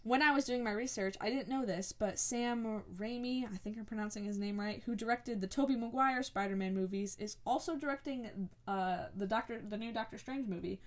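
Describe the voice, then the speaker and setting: A young woman hosts her own podcast and chats casually on her own. She rambles along excitedly, filling her sentences with "like" and "um" and restarting her thoughts. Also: fairly high pitch, fairly quick, few pauses. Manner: chatty and rambling, lots of "like" and "um", excited. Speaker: podcast host. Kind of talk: casual solo episode talk.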